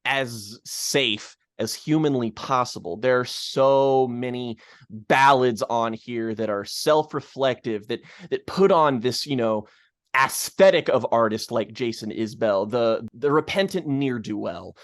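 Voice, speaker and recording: A man's voice: mid-range voice, unhurried, no room sound. Ranting profane podcast man, dry sound. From Kentucky. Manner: ranting, profane, full of restarts and stammers. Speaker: podcast co-host. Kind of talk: casual opinionated music-review chat.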